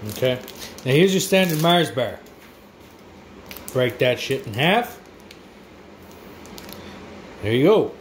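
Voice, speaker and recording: A man's voice: medium pitch, lively intonation, takes it slowly, long pauses. A man, casually reviewing food in a vlog with crude, profane, rowdy banter. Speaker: vlogger. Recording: faint background noise.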